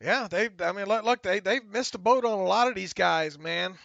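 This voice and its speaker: A man co-hosting a casual sports talk podcast, excitable, often stammering and repeating words as he reads listener questions. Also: high voice, moderate pace, creaky, no echo. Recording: dull lo-fi audio.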